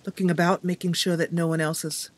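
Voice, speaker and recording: A woman's voice: on the low side, quick pace. A woman host narrating a video game roleplay, mixing story narration with casual asides. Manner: lively narration with asides and laughter.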